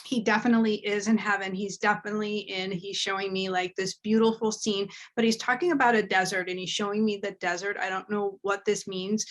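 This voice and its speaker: A woman giving a medium reading on a live show. She speaks earnestly and grows emotional as she passes on messages, at a middle pitch. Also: little pitch movement, a little fast, few pauses. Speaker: medium and host. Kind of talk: live spiritual reading chat.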